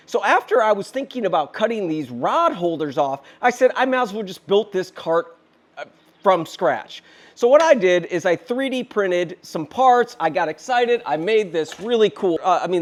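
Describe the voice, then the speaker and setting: A fifty-year-old man rushing through a casual DIY vlog, a bit out of breath as he lifts the cart while he talks. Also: high voice. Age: 50s. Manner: rushed and chatty, talking while lifting and handling the cart. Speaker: DIY maker and channel host.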